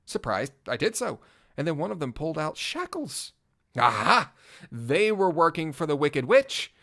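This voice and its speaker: A man's voice: on the high side, sing-song, moderate pace, pushed and bright, full character voice. A man voicing a vain, gallant male cat-knight bard in a fan audio drama, speaking in flowery, old-fashioned words and shifting from pompous to flustered. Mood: storytelling. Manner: theatrical, swinging from pompous to flustered. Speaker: narrator. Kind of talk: first-person fan audio drama reading.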